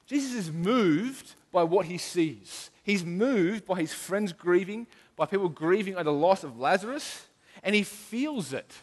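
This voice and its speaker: Earnest middle-aged man preaching, high voice, echoey hall, keeps restarting. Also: animated, unhurried. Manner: earnest, emphatic, with repeated restarts. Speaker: pastor. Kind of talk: sermon. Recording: long hall reverb.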